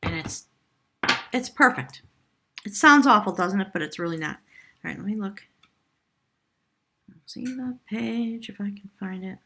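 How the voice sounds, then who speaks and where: An excitable woman talks through a tarot reading in a casual, chatty way, quick to laugh and exclaim. At times she slows down to read passages aloud from a book. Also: mid-range voice, breathy edge. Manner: reads aloud from a book slowly in parts. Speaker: tarot reader.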